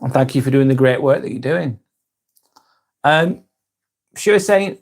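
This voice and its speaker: A man's voice: medium pitch, takes it slowly, pauses often. Northern English male host, young adult, late-night live stream, tired, teasing and casual with the chat. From north of England. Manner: joking, swears casually, reads comments aloud.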